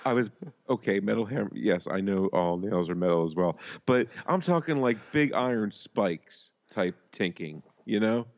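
Male podcast co-host, low and animated, sarcastic rambling chat, dull lo-fi mic. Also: normal speed. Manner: rambling, sarcastic storyteller who laughs often. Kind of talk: casual comedic podcast chat. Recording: dull lo-fi sound.

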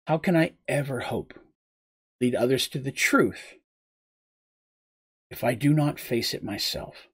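A man's voice: mid-range voice, measured pace, long pauses, a bit bright, slightly rough, exaggerated voice. A man voicing an earnest young princess who is shy but brave, speaking in his own lightly lifted voice. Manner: earnest, apologetic.

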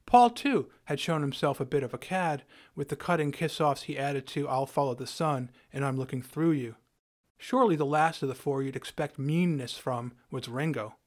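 A man's voice: a little high, moderate pace. Wry man narrating a podcast story. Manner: wry, dryly humorous. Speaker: podcast host.

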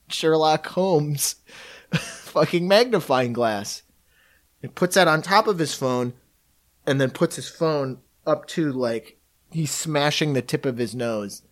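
A man with a voice pitched a little above the usual, telling a long, profane story in a relaxed podcast chat. He keeps the tale rolling and breaks into quick impressions of the people he describes.

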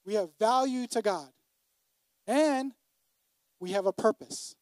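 A man's voice: sits high, slow, no room sound. A man preaching a sermon to a congregation, emphatic, repeating his key phrases. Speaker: pastor.

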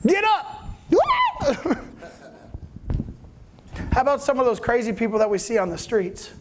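High-voiced preacher checking in with listeners. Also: male voice, quick pace, a little mellow, a little hiss or hum. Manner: acts out voices in the story. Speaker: pastor. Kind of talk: sermon.

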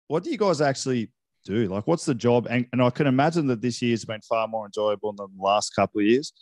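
A man's voice: medium pitch, animated, quick pace, darkish tone, no room sound, clean studio sound. A man hosting a casual interview, friendly and chatty, saying mate often. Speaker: interview host, club rugby player.

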